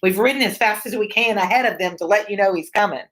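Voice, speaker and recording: Chatty woman tutor. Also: quick pace. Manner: casual and animated, jumps into high excited asides. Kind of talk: reading a play aloud and explaining it.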